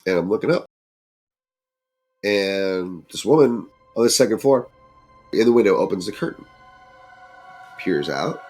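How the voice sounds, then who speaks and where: A middle-aged man with a low voice appears as a podcast guest, casually recounting a true story from his teenage years. He tells it in a lively way, acting out what other people said.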